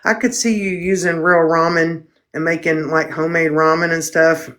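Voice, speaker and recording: A woman's voice: low voice, little pitch movement, moderate pace, fairly bright tone. Blunt, self-mocking middle-aged woman. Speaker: livestream host. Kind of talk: casual chat.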